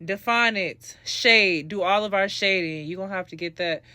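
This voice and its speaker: A woman's voice: mid-range voice, normal speed, pushed and bright, no echo, clean studio sound. A young woman talking viewers through a makeup tutorial in a sassy, chatty voice-over. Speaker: beauty vlogger.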